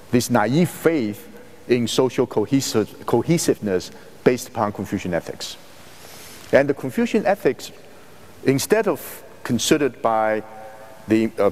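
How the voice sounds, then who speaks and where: A man with Chinese as his first language delivers a university lecture at a measured, halting pace, stopping to rephrase his points. His voice sits fairly low. The recording carries the long reverb of a lecture hall. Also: a little mellow. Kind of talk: academic lecture.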